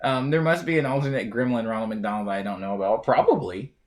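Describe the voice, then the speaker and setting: A man's voice: medium pitch, quick pace. A young man streaming live, reading chat aloud and rambling in a chatty, jokey way. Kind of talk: casual chat.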